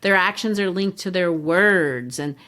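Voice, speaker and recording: Lower-voiced woman explaining poetry. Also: unhurried, bright, forceful tone. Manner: explanatory, teacherly, taps out rhythms aloud. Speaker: podcast co-host. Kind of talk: casual literature discussion.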